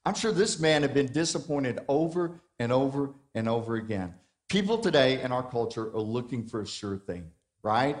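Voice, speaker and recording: A man's voice: medium pitch, a bit bright. A man preaching a sermon in a conversational way. He puts questions to the congregation and often restarts or repeats words. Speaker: pastor.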